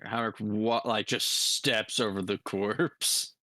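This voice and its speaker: A man's voice: lowish voice, fairly even intonation, slow, pushed and bright, dry recording. A man playing a tabletop game, hesitant with many fillers. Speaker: player.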